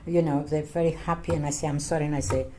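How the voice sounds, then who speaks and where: An older woman from Cyprus speaks in broken, repetitive English, Greek being her first tongue. Her voice sits fairly low and sounds mellow and soft. She tells her story earnestly, like an oral history interview. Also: steady tone, slight background noise. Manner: halting, repetitive non-native English, earnest.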